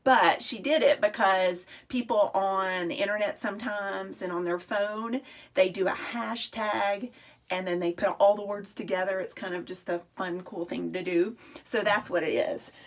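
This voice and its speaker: Woman, kindergarten teacher at home; coaxing, sing-song delivery, slow stretched sounds, mid-pitched voice. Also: fairly even intonation. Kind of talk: remote reading lesson for young children.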